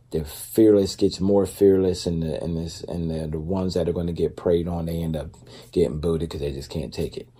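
A man speaks in a relaxed, rambling vlog style, talking through faith and everyday life with plenty of fillers and side remarks. His voice sits very low and has a dark, mellow tone. There is a husky edge to it throughout. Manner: loose, conversational, with many fillers and asides. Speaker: vlogger. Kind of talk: casual faith-based talk.

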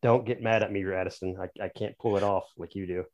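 A man's voice: low-pitched, fairly even intonation, fast talker, lo-fi sound. Talkative, opinionated male author. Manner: talkative, opinionated, explains at length. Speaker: author, podcast guest. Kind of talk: casual podcast conversation.

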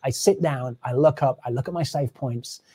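A touring drummer telling a story in an interview, animated and acting out the people he quotes. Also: medium pitch, moderate pace, slightly rough.

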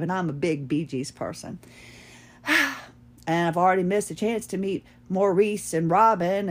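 A woman's voice: medium pitch, a little mellow. A middle-aged woman, telling rambling, self-deprecating stories on her podcast and laughing at herself. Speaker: podcast host. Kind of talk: casual storytelling monologue.

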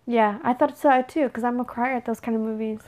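A woman's voice: fairly high pitch, steady tone, brisk, a little mellow. A woman from Texas in a casual chat, answering in short, dry, teasing replies.

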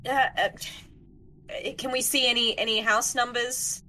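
A woman's voice: fairly high pitch, flat delivery, measured pace, sharp tone, rough recording. A woman playing a tabletop game, chatting casually, playful and decisive. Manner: playful, decisive, laughs often. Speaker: player.

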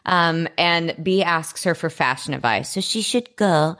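A woman's voice: on the low side, measured pace, a bit bright. A woman co-hosting a podcast, chatting casually and animatedly, swearing and acting out lines in mock voices. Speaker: podcast co-host. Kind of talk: casual recap chat.

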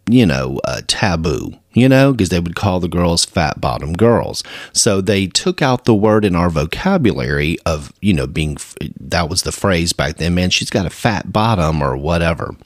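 A man's voice: deep voice, no room sound, studio quality. A man hosting a casual solo podcast, rambling along conversationally with lots of fillers. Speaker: podcast host.

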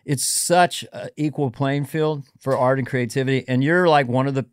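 Brief: middle-aged male comic, mid-pitched, reflective and rambling, dry close mic. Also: moderate pace, clean tone, dry recording. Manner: reflective, advice-giving, wandering. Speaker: comedian guest. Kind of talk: casual podcast chat.

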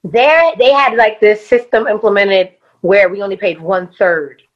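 A woman with a Brooklyn accent, a podcast guest telling stories in blunt, animated casual chat. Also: mid-range voice, measured pace, dull audio. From Brooklyn, New York.

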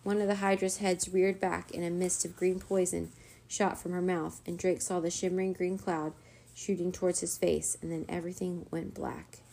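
A woman reading a children's chapter book aloud in a steady, even narrating voice. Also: on the low side, normal speed, creaky. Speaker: storyteller.

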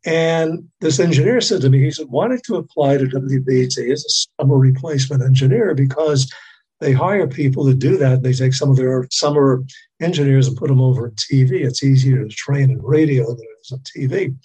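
A man's voice: mid-range voice, fairly quick, dark tone, slightly rough, rough recording. An older man from the Boston area, a radio veteran telling long rambling stories as a podcast guest. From Boston area, USA. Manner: rambling anecdotal storytelling with laughs. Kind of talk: casual storytelling.

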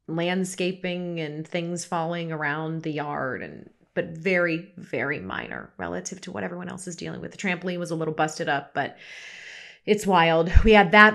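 A woman in her thirties hosts a solo talk podcast and chats casually with her listeners. Her voice sits a little low and carries the smooth, practiced delivery of someone who once read the TV news. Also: a bit bright. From United States. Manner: former TV news presenter, chatty and self-aware. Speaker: podcast host.

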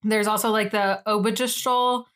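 A woman's voice: medium pitch, fairly even intonation, normal speed, a bit bright. A young woman co-hosting a podcast in casual chat, rambling and giggly, swearing casually. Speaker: podcast co-host.

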